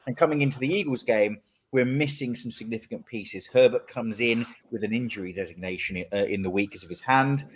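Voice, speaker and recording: A man's voice: medium pitch, brisk, husky. A man hosting a casual sports podcast. He talks with energy and steers the discussion. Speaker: podcast host.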